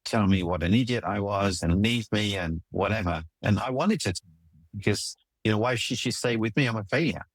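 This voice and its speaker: A man's voice: on the low side, moderate pace, dry recording. A middle-aged man, a relationship coach, telling personal stories in an earnest, emphatic way with frequent restarts. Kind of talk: conversational storytelling interview.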